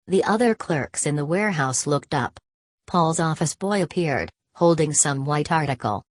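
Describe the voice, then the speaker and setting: A woman narrating a classic novel as an audiobook in a steady, measured way. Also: deep voice, no room sound. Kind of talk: novel reading.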